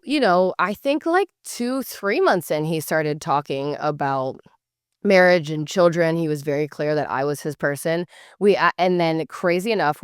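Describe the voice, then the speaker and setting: Low-voiced woman telling a story casually. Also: clean tone, dry recording, clean studio sound. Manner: chatty, swears freely, heavy "like" fillers; animated, acts out quoted dialogue. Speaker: podcast host.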